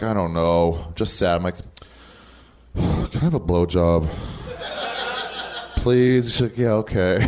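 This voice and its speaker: A man in his thirties with an American accent, a comedian guest in a casual interview, telling animated stories, acting out quotes, swearing and laughing often. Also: medium pitch.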